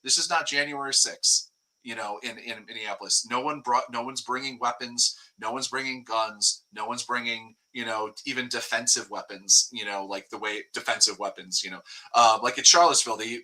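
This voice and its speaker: A man's voice: mid-range voice, normal speed, sharp tone, poor audio. A man speaking as a guest reporter in a casual interview, talking in a rambling way with many restarts and fillers.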